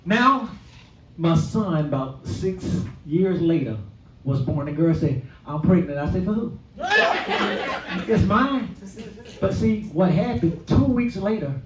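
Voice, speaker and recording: A man's voice: on the high side, animated, a little slow, darkish tone, a little hiss or hum. Man giving testimony in an echoey hall. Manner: storytelling, preacher-like, rising to exclamations. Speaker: guest speaker. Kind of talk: personal testimony. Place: event hall at a luncheon. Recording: echoey room from far off, dull sound.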